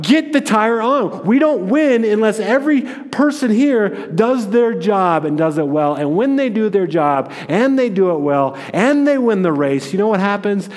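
Man, pastor, energetic emphatic sermon delivery, slightly high voice, long echo of a large hall. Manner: energetic, emphatic preaching with frequent restarts.

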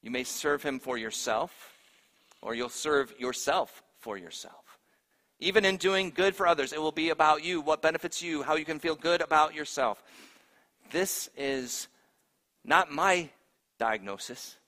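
A man preaching a sermon, swinging from hushed, grave lines to loud, emphatic ones. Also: fairly high pitch, a little slow, long reverb tail. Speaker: pastor.

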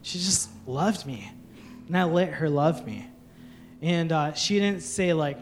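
Male pastor, high-pitched, candid conversational sermon in church. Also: normal speed, slight background noise. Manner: candid, conversational preaching with restarts.

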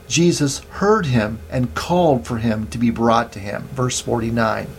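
A man preaching a sermon in a measured way, reading out and citing scripture verses. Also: mid-range voice, slight background noise.

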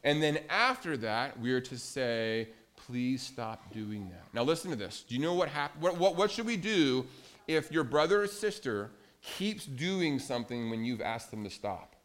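Male pastor, children's sermon, animated, quizzes the kids, slightly high voice. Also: normal speed. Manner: animated, asks children questions. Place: church sanctuary.

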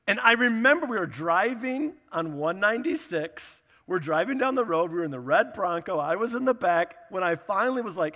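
A man in his thirties preaches through a personal story, chatty and animated, acting out each bit of dialogue. His voice sits a little high and sounds bright and forceful. A long hall reverb trails every phrase. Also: a little fast, few pauses, lo-fi sound.

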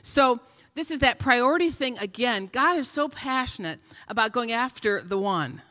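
Woman, middle-aged, preaching, vivid storytelling, bright higher voice. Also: lively intonation, moderate pace. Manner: storytelling, acts out scenes, rising to shouting. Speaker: guest pastor. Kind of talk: sermon. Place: large church hall. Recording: long hall reverb.

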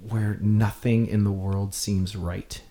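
A man hosting an interview, responding in a slow, reflective and measured way. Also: lowish voice, little pitch movement, mellow. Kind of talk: interview conversation.

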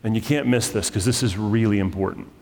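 A male pastor delivers a sermon in a slightly low voice, talking to the congregation in a relaxed, conversational way with asides and quick self-corrections. The sound carries a long hall reverb, as in a church sanctuary. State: choked up with emotion.

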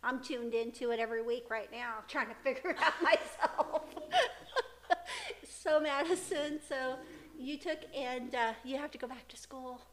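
A middle-aged mother co-hosts a casual podcast, telling chatty stories with frequent laughter. Her voice sits high with a fairly bright tone at normal speed, and there's slight background noise.

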